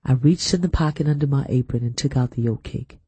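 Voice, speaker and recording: A man narrating an audiobook in a steady, measured storytelling manner. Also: mid-range voice, breathy edge, dry recording. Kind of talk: scripted narration.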